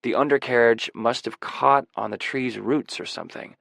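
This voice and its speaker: A man narrating a first-person audiobook in a measured, introspective way. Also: mid-range voice, vocal fry, a bit bright, dry recording. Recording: dry close audiobook recording.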